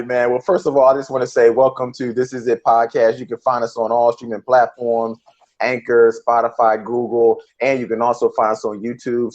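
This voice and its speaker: A man co-hosting a podcast, opening the show with relaxed, friendly patter. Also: mid-range voice. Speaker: podcast co-host. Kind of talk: casual podcast chat. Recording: dull lo-fi recording.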